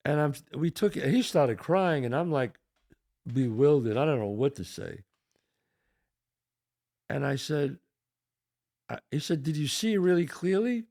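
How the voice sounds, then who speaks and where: An older man with a New York accent, hosting a podcast and telling a long story in a rambling, animated way, swearing now and then. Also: fairly high pitch, a little slow, vocal fry, long pauses, no room sound, studio quality. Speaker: podcast host. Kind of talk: casual storytelling.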